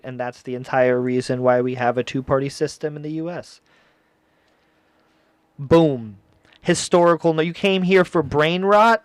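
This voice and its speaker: A man's voice: mid-range voice, smooth, no echo. A man hosting a casual podcast chat, rambling and laughing often as he riffs and acts out quoted voices. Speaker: podcast host.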